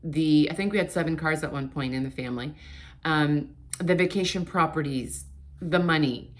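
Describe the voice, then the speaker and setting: Woman, late fifties, lowish voice, candid rambling vlog chat, frequent restarts. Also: moderate pace. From Portugal, raised in Canada. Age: 50s. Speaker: YouTuber. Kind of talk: casual chat to camera.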